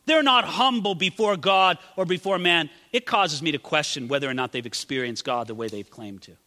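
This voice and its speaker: Bright-voiced man preaching in a hall. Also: fairly high pitch, moderate pace. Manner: dramatic, acts out quoted prayers in a raised voice. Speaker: pastor. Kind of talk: sermon.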